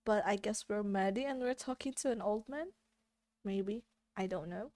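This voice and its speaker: A woman's voice: mid-range voice, moderate pace, a little mellow, no room sound. A woman with an Indonesian accent streaming a game in a giggly, apologetic way. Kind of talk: casual live-stream chat.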